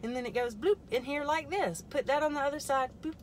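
A woman's voice: sits high, brisk, slight background noise. Rambling woman chatting on a live stream. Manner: rambling, joking asides to viewers; mutters and whispers while fiddling with a product. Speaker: host of a product testing live stream. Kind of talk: casual live-stream chat. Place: parked car in a store parking lot.

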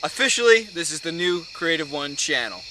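A man mimicking his friend's catchphrase-heavy way of talking, loud and exaggerated. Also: a little high, big pitch swings, a little fast, noisy background. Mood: mocking.

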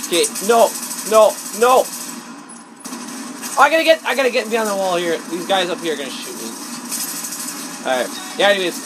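A man's voice: high-pitched, expressive, brisk, long pauses. A man giving rambling, self-conscious gameplay commentary, swearing often as he plays. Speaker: let's play gamer. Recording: noisy with game audio. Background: loud gunfire and game sounds.

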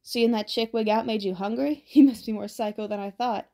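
A woman reading the part of a cheeky, chatty young boy who teases and talks briskly. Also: fairly high pitch, steady tone, dark tone, lightly acted. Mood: teasing.

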